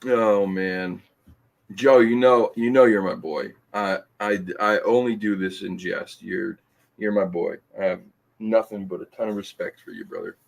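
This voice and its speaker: A man's voice: fairly low pitch, lively intonation, measured pace, creaky. A man hosting a casual live stream, reading comments aloud, teasing and laughing often with stumbling restarts. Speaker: podcast host reading live chat.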